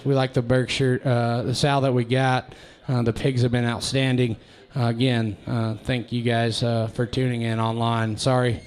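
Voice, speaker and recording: Halting man talking pigs ringside. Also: medium pitch, darkish tone. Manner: halting, many fillers and restarts. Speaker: livestock sale breeder presenting pigs. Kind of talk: casual ringside sale talk. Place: sale tent ringside.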